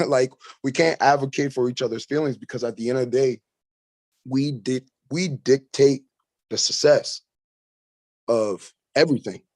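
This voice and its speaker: A man's voice: mid-range voice, moderate pace, darkish tone, no room sound. A man speaking as a podcast guest in a casual debate, blunt and opinionated, rambling through his points.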